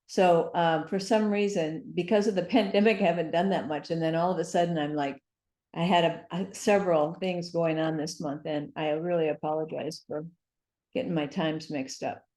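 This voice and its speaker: A woman's voice: deep voice, steady tone, moderate pace, darkish tone. A woman guest on a video call, talking in a chatty, rambling, apologetic way. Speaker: guest speaker. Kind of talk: casual chat. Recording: roomy echo.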